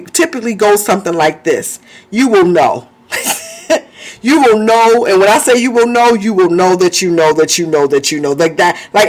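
A man preaching a sermon in a fervent way, often stopping to praise, speak in tongues and laugh. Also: high voice.

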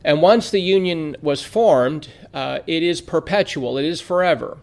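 A man teaching a theology lesson in a measured way, reading scripture aloud with frequent "uh" fillers. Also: on the high side, gravelly, darkish tone. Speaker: Bible teacher. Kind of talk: theology lecture.

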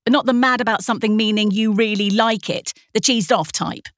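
A woman voicing an irritable, sharp-tongued young woman with a clipped, snappy delivery in an audiobook reading. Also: mid-range voice, brisk, no room sound, clean studio sound, voice pushed up, lightly acted. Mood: explaining.

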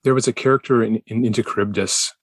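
A man co-hosting a casual podcast, speaking haltingly and repeating words as he thinks. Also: mid-range voice, steady tone, no room sound. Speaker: podcast co-host.

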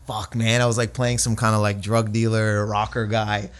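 A man's voice: lowish voice, little pitch movement, moderate pace, clear, resonant tone. A man, a stand-up comic telling profane anecdotes in a casual podcast chat, laughing often and acting out quotes.

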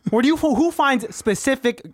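Man, high voice, curious, incredulous, dry close mic. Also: a little slow, dry recording. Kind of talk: casual chat.

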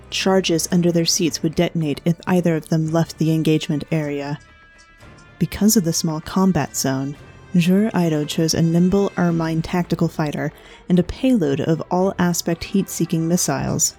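A woman reading a science fiction story as narrator in a measured, even manner. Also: fairly low pitch, faint music behind.

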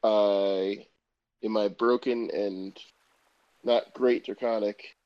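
A man's voice: on the low side, fairly even intonation, slow pace, no echo, lo-fi sound. A man playing a tabletop game, answering briefly and a little hesitantly. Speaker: player. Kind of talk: casual in-character play.

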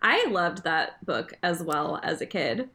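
A woman chatting casually about books, lively and agreeable. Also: on the low side, slow. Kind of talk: casual book club chat.

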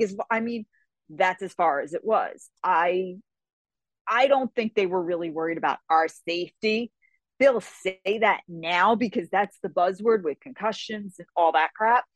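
A woman guest in a casual interview, telling stories in an animated way with laughs between phrases and quick voices for other people. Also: medium pitch, no room sound. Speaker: guest, fantasy novelist and martial artist.

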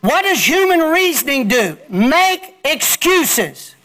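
Pastor guy preaching, high bright voice, takes his time, gets the church to say stuff back. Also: very animated, takes it slowly. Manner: preaching with call-and-response to the congregation. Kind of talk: sermon.

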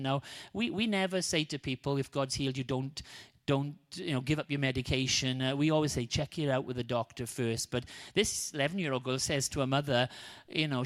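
A man preaching a sermon, telling a healing story and acting out the people in it. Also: mid-range voice. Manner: animated, acts out the quoted people. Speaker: guest preacher.

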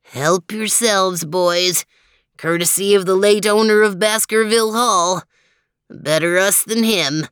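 A woman's voice: medium pitch, slow pace, clear, resonant tone, no room sound, clean studio sound, close to an everyday voice. A woman voicing a genial old male dog who leads the pack in a storybook. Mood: jovial. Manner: easygoing, chuckling host.

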